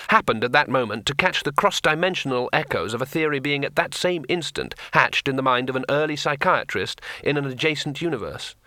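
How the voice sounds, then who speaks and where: A man narrates a comic fantasy audiobook with a bright, forceful voice. His storytelling is expressive and crisp, with a dry, close sound and no room around it. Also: mid-range voice, no room sound. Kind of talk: audiobook reading.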